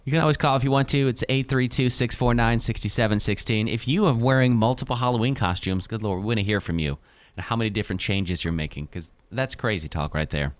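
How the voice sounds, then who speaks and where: A man hosting a morning radio show, chatting and joking in an animated, talkative way with his co-hosts. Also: on the low side, fast talker, dry recording. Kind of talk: casual studio banter. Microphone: studio microphone.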